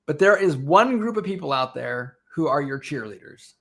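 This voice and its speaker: A middle-aged man chatting as a podcast guest, telling lively stories and laughing often. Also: a little high, moderate pace, vocal fry. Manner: animated storytelling, laughs often. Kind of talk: casual chat.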